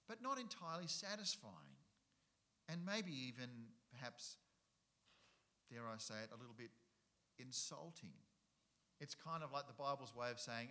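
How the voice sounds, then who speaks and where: A man's voice: medium pitch, lively intonation, normal speed, sharp tone. A middle-aged man, preaching a sermon and driving his points home with rhetorical questions and repetition. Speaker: pastor.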